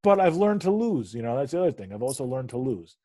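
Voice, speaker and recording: A man in his thirties co-hosting a casual sports chat, rambling and animated, swearing freely and laughing often. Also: medium pitch, fast talker. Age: 30s. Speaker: podcast co-host.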